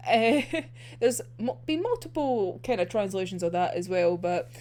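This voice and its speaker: A woman's voice: mid-range voice, expressive, unhurried, a little mellow. A woman hosting a casual manga chapter review, laughing often and swearing freely as she gushes like a fan. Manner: giggly, laughs often between sentences; gushing fan enthusiasm.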